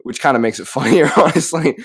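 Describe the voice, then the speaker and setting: A man's voice: fairly high pitch, fast talker, breathy edge, dry recording. A young man co-hosting a casual podcast, recorded close with a dry sound. He jokes and laughs his way through an anecdote. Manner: laughing, joking storyteller. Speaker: podcast co-host. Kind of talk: casual chat.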